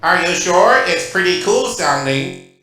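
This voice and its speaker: A man putting on a slow, stiff robot voice during a prank phone call. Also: high-pitched, expressive, bright, forceful tone, roomy sound, soft background music, pitched above the performer's own voice, exaggerated voice. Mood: smug. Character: male robot voice, proud of sounding cool.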